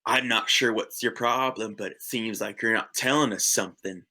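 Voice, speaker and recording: A man's voice: on the low side, moderate pace, bright, forceful tone, heavily acted. A man voicing a forty-five-year-old female halfling who is pushy and intimidating, calling people sweetheart. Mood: suspicious. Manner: calls people sweetheart, coaxing then firm.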